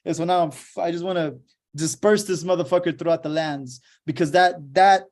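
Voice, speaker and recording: Brisk and a little high-voiced, this young Houston, Texas lawyer delivers a casual motivational talk, cursing freely as he tells his story with emphatic, fired-up energy.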